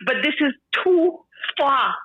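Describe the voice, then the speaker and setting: A woman's voice: high-pitched, expressive, takes it slowly, no room sound. A woman from Lucia, crying and speaking in impassioned, repetitive declarations as a guest in a live-stream interview. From Saint Lucia. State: tearful, crying. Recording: muffled lo-fi audio.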